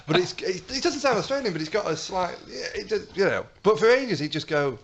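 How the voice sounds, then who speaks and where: A man's voice: fairly high pitch, very animated, fast, hardly any pauses, a little hiss or hum. A man guesting on a radio show, telling rambling stories with lots of hesitation. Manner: rambling, hesitant storytelling with fillers. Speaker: comedian guest. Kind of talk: casual radio chat.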